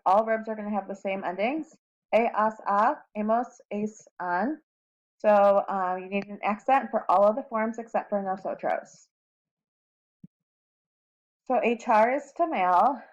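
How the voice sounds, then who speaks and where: A woman teacher explains her notes at an even, deliberate pace, pausing on ums between points. Her voice sits at a middling pitch. The recording is slightly muffled and lo-fi, like a laptop mic. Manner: slow and deliberate, with frequent ums. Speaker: Spanish teacher. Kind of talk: recorded lesson walkthrough. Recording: slightly dull lo-fi audio.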